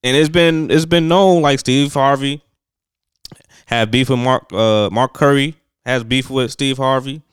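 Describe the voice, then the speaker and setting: A man's voice: mid-range voice, measured pace, smooth, no echo, studio quality. A man co-hosting a casual podcast chat, rambling and profane, full of fillers. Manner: laid-back, profane, rambling with many fillers. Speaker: podcast co-host.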